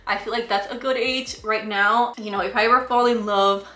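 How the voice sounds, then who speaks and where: Young woman, Spanish accent, chatty beauty vlogger, bright tone, roomy sound. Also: medium pitch, normal speed. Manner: animated storytelling, laughing easily. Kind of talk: chatty get-ready-with-me Q&A. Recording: roomy echo.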